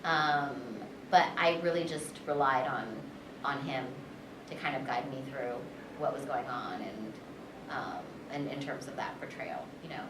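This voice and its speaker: Woman, voice actress, convention interview, chatty and animated, distant mic, noisy backdrop. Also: extremely low pitch, measured pace. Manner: chatty, filler-heavy, animated retelling. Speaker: voice actress and director. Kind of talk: convention panel interview, storytelling. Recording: echoey room, distant mic, background chatter.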